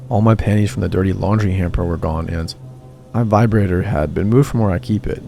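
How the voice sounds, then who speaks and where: A gravelly, slightly low-pitched man reads a true scary story in a steady narrator's voice. Quoted lines come with a touch more lift. Background music plays clearly under him throughout. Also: a little fast. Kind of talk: scripted narration.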